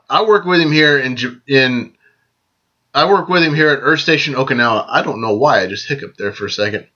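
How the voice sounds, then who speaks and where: A man hosting a casual vlog, giving friendly, joking birthday shout-outs to friends and often repeating himself as he goes. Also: on the high side. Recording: dull lo-fi sound.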